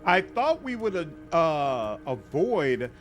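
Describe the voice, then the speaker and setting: A man's voice: on the high side, huge pitch swings, takes it slowly, soft background music. Amused man commenting on gameplay. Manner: chatty, amused, thinking aloud. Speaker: gaming streamer.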